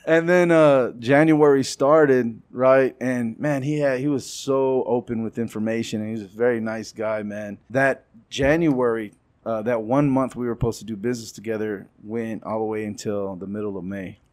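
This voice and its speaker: A man's voice: mid-range voice, moderate pace. A male comedian and show producer telling stories in a casual interview, acting out what other people said. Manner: lively storyteller who acts out quoted dialogue.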